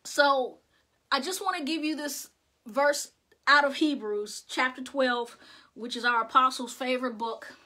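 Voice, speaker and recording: A woman's voice: sits high, a little slow, pushed and bright. A woman preaching a sermon with impassioned, rhythmic exhortations, sometimes repeating words as she is stirred.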